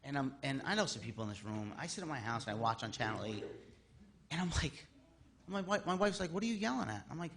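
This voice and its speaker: A man's voice: medium pitch, lively intonation, a little fast, a bit bright. Exasperated man in his thirties. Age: 30s. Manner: rambling, exasperated, with restarts and rising emphasis. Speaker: resident speaking at public comment. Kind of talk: public comment at a town meeting. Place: town board meeting room.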